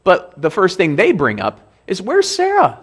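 A man's voice: on the high side, sing-song, moderate pace, slightly rough. Man preaching a conversational sermon. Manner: conversational explaining, reads scripture aloud with emphasis. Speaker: pastor. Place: church.

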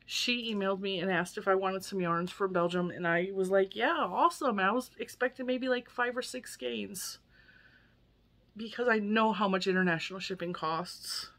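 Chatty and emotional, an American woman in her forties who makes crochet videos on YouTube laughs often as she unboxes yarn gifts for her viewers. She speaks at normal speed in a mid-range, slightly bright voice.

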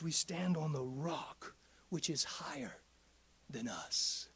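A man preaching a midweek sermon in a church, swinging from hushed whispers up to shouts. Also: on the high side, animated, slow, breathy edge. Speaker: pastor.

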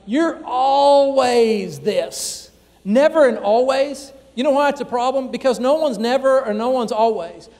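A pastor preaches a sermon in a church sanctuary in a conversational style, with frequent fillers. His voice is very high with a darkish tone, and the hall adds a long reverb.

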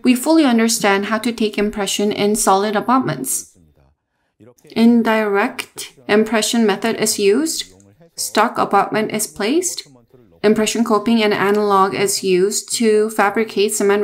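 Measured woman narrating a dental lesson. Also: mid-range voice, fairly even intonation. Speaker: dental lecturer. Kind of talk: scripted technical narration.

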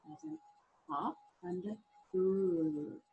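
A woman's voice: mid-range voice, very animated, extremely slow, phone-quality sound, a little hiss or hum. Sing-song teacher woman sounding out letters. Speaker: primary school teacher. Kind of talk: recorded phonics lesson for young children.

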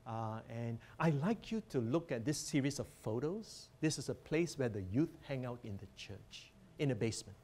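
A man's voice: mid-range voice, expressive, normal speed, hardly any pauses, a little mellow, slight background noise. A man presenting a teaching workshop as a professor, earnest and emphatic as he guides listeners through slides.

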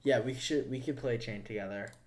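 A young man chatting on a live stream, loud and excitable, swearing a lot and shouting thanks to chat. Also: medium pitch, fairly quick.

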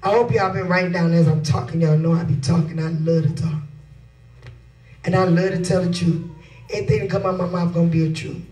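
A woman's voice: fairly low pitch, fairly even intonation, a little fast, warm tone. A woman pastor preaching a sermon in a candid, conversational way, laughing along as she goes. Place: church sanctuary. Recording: echoey room from a distance.

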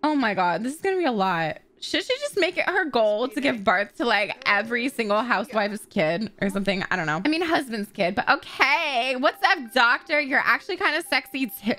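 A woman's voice: fairly high pitch, lively intonation, a little fast, few pauses, bright, forceful tone, soft background music. A young adult woman doing dramatic let's-play commentary over a life-sim game, swearing freely, gasping and laughing. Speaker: gaming video host.

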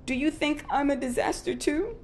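A woman voicing a clumsy, tender-hearted male warthog in a storybook read-aloud, with a high, pleading voice. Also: animated, moderate pace.

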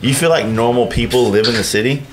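A man from Texas hosts a podcast in a relaxed, laid-back way. His voice sits in a middle pitch, and he tells his stories easily and without hurry. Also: fast talker, a little hiss or hum. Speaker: podcast host. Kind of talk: casual podcast chat.

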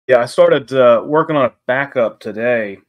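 A man's voice: medium pitch, moderate pace, dull audio. A man playing a tabletop game, explaining his character setup in an eager, rambling way with many restarts. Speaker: player. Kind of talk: casual chat at a game table.

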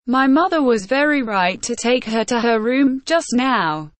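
A woman voicing an earnest, eager young male miner in an audiobook, pleading in a slow, measured way. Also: on the high side, expressive, dry recording, pitched above the performer's own voice.

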